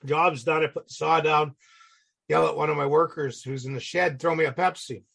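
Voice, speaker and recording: A gravelly, raspy man in middle age tells a story in a loose, salty way. He keeps acting out the people in it. His voice sits a bit high for a man. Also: moderate pace. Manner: animated, salty, acts out voices. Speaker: guest. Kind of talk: casual storytelling.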